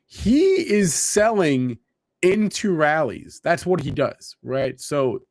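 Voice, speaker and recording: A man hosting a casual market show, talking in an animated way with frequent restarts. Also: fairly high pitch, slow, no room sound, studio quality. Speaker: show host.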